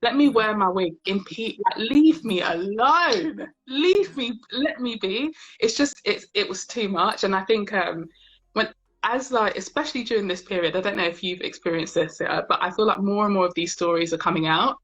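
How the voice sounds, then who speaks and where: A woman's voice: mid-range voice, normal speed, husky. A young woman hosting a casual live-stream chat, telling stories and acting out the voices of her colleagues. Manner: animated storyteller, acts out quoted colleagues. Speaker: host. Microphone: phone or webcam on a live video call. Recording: muffled live-stream audio.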